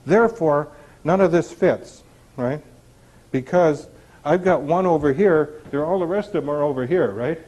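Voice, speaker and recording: A man's voice: a little high, moderate pace, mellow, lo-fi sound. A middle-aged man speaking to a group about recovery, talking conversationally and asking rhetorical questions. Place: retreat center meeting room.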